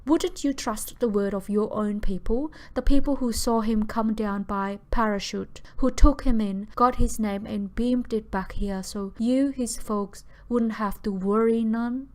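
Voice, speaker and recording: A woman voicing a blunt, gruff old neighbor. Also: a little high, a little slow, hardly any pauses, darkish tone, lightly acted. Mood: urgent, insistent. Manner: blunt, coarse, insistent. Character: gruff older man, blunt rebel neighbor.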